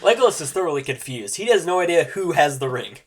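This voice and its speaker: A man narrating as game master of a tabletop role-playing game, pausing often with ums and restarts. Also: a little high, expressive, a crowd in the background. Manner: frequent ums and restarts while describing scenes.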